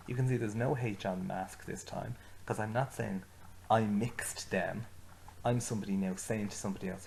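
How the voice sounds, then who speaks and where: A man teaching an Irish language lesson, slowing down to model each phrase for his learners to repeat. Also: on the low side, steady tone, vocal fry, a little mellow, a little hiss or hum. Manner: slows right down to model phrases for repetition. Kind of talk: slow, deliberate lesson with repeat-after-me drills.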